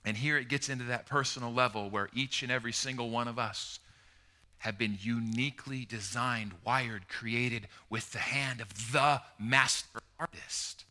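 A man preaching a passionate sermon, swinging between loud emphasis and hushed, emotional tones and lingering on key words. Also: mid-range voice.

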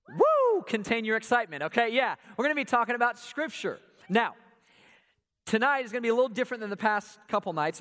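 A young man with a high voice gives a casual youth sermon in a church hall. He is playful and chatty, and he acts out his listeners' thoughts. The long reverb of the hall rings behind every line. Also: fairly bright tone. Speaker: youth pastor.

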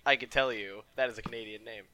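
A man's voice: mid-range voice, fairly even intonation, fast, crowd noise, poor audio. A man co-hosting a casual chat, making wry, teasing asides. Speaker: podcast co-host.

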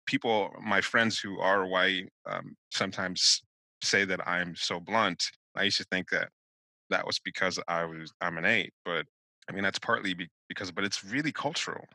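A man talking in a casual discussion, reflective and measured, thinking aloud as he goes. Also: sits low, fairly even intonation, bright, forceful tone, dry recording, low-quality recording. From United States.

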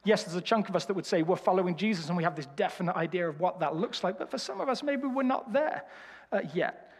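High-voiced Birmingham preacher, joking and self-mocking. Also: male voice, animated, quick pace, slightly rough. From Birmingham, England. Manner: humorous, self-deprecating storytelling. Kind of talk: sermon. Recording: reverberant hall.

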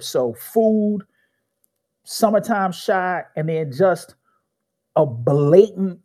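Guy, middle-aged, husky voice, super lively storyteller, keeps saying "right?". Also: on the high side. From Chicago. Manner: animated storyteller, keeps tagging "right?", acts out quotes. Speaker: guest. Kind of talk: casual conversation.

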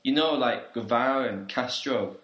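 A man plays a pompous young male revolutionary from England who preaches at everyone. His bright tone rings out in an echoey room. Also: mid-range voice, moderate pace, close to an everyday voice. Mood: smug. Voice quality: pompous, speechifying. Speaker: student activist on a volunteer trip.

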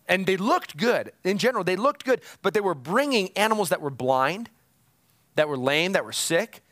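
A pastor delivers a sermon, walking his listeners through scripture with earnest conviction. His voice sits a little high for a man and climbs to emphatic peaks. The sound is close and dry, with no room around it. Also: a bit bright, no room sound.

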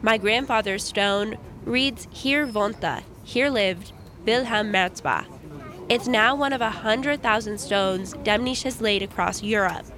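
A young woman from the United States narrating a radio feature report in a calm, measured first-person voice. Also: medium pitch.

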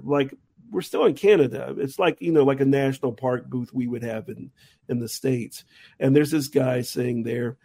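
A man's voice: medium pitch, vocal fry, a little mellow, breathy edge. A middle-aged man, a jazz musician and teacher, casually telling a rambling anecdote with many restarts. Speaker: touring jazz musician and college teacher, guest. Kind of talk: casual storytelling in a conversation.

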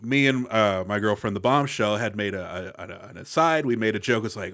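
A man's voice: on the low side, fairly quick, hardly any pauses, a bit bright. A man co-hosting a movie podcast, telling stories with wry enthusiasm. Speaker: podcast co-host. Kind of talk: casual movie discussion.

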